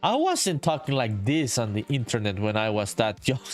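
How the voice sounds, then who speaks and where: A man's voice: mid-range voice, sing-song, moderate pace, music in the background. A man streaming his indie game development, chatting casually with viewers, reading comments aloud, saying dude a lot and swearing freely. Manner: laid-back, swears often, calls everyone dude, reads chat aloud. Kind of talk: casual live-stream chat while working.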